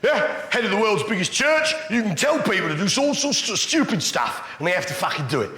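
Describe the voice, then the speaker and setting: A man's voice: high voice, sing-song, a little fast, a little hiss or hum. A man doing stand-up comedy, bantering crudely with the audience in a brash manner. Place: comedy stage before live audience. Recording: echoey live venue, loud audience.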